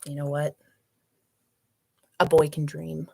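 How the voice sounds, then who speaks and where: A woman drag performer hosting her own show, rambling in casual, profane chat with a hushed, low delivery. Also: flat delivery, takes it slowly, creaky, noisy background.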